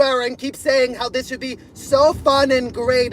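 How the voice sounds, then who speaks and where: A man ranting to camera in fury, swearing heavily, repeating his points and bursting into shouts. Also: very high voice, fairly even intonation, moderate pace, few pauses, slight background noise, low-quality recording. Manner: furious, profane, repeating himself, bursts of shouting. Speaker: video creator. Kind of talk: angry rant to camera.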